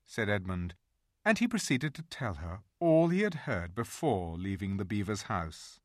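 Slow storybook reader, really lively pitch, bright dry voice. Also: no echo. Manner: slow, dramatic, expressive. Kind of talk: storybook read-aloud.

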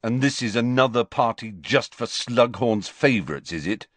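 A man's voice: mid-range voice, animated, normal speed, dry recording, close to an everyday voice. Man doing a sulky, sneering teenage boy. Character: sulky teenage schoolboy, sarcastic.

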